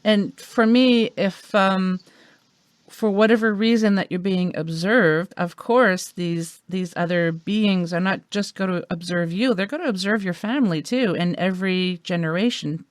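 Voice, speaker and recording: A podcast host with a mid-pitched voice chats casually with a guest. The host mostly gives short agreeing replies and now and then adds a thoughtful remark. The room sounds dry. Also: unhurried, no room sound. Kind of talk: casual chat.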